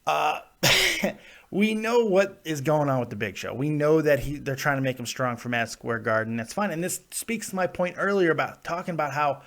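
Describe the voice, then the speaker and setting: A man's voice: fairly high pitch, sing-song, moderate pace, fairly bright tone. A man hosting a live wrestling review show, ranting with lots of swearing and laughs, and he is coming down with a cold. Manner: ranting, profane, laughs often. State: getting sick, plugged ears. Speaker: podcast host.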